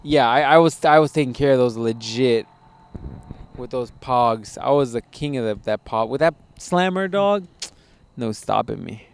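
A young man hosting a podcast, telling profane, animated stories in a casual chat. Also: medium pitch, moderate pace, creaky, slight background noise. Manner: profane, animated storytelling with laughs. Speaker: podcast host.

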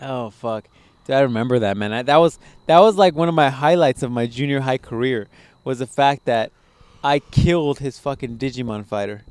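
A young man hosting a podcast, telling profane, animated stories in a casual chat. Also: medium pitch, moderate pace, smooth, no room sound. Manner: profane, animated storytelling with laughs. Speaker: podcast host.

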